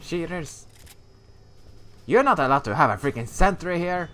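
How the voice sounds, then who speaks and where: A man doing let's play commentary on a shooter game, excitable and joking, yelling at enemies. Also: fairly high pitch, normal speed, a little hiss or hum. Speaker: gaming YouTuber.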